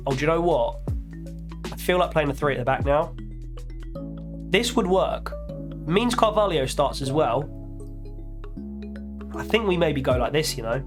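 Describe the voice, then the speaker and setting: Young gaming YouTuber, excitable play-by-play, voice a bit strained, higher pitch, faint music underneath. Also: male voice. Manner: chatty, jokey, excitable play-by-play. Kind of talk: casual gameplay commentary.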